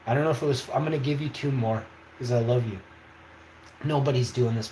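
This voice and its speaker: A man's voice: mid-range voice, moderate pace, a little mellow. A man hosting a livestream, talking in an emphatic, rambling way and often checking in with his viewers. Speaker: livestream host. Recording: echoey room, faint background noise.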